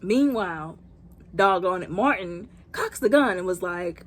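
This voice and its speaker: A woman's voice: fairly low pitch, lively intonation, unhurried. A woman giving a comedic movie recap, dramatic and sassy, with playful asides. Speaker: movie reviewer.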